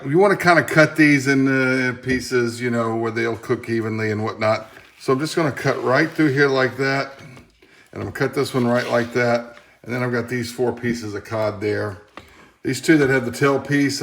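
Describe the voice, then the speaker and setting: A man's voice: medium pitch, a little hiss or hum. Male home cook, easygoing rambling demo patter with dry jokes, echoey kitchen with faint clatter behind. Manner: rambling, folksy, joking asides. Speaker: home cook hosting a cooking channel. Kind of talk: casual cooking demonstration.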